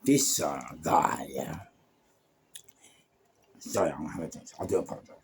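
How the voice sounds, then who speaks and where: A man's voice: very deep voice, moderate pace, a little hiss or hum. A man casually telling stories from his years as a doorman on a podcast, rambling with lots of fillers and repeated words. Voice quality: gravelly, husky voice. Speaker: former doorman and security firm owner telling stories.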